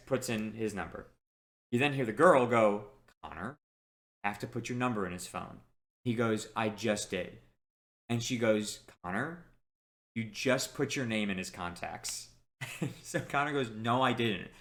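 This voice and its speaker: A young man co-hosting a podcast, telling a story in animated, casual chat and quoting people as he goes. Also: mid-range voice, moderate pace. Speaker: podcast co-host.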